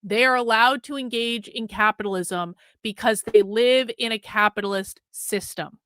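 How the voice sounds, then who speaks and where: Bright, crisp woman ranting at her chat. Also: on the high side, normal speed, no echo. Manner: profane, ranting, lecturing the chat. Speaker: political streamer host. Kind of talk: livestream commentary.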